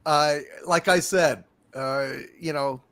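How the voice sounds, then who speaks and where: A man's voice: fairly high pitch, fairly even intonation, slow, fairly bright tone. A man hosting a casual online talk show, cursing and emphatic in his indignation. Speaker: podcast host. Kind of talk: casual ranting chat.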